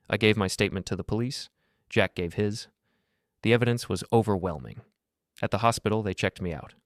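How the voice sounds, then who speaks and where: An older man narrating a dramatic first-person story in a steady, scripted manner. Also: fairly low pitch, dry recording, clean studio sound.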